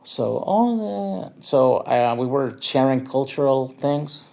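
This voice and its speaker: Gravelly, slow-talking man. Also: mid-range voice, expressive, warm tone. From northern Mexico. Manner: meandering, profane, filler-heavy. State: tipsy. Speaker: nightlife vlogger. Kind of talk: rambling drunk review monologue.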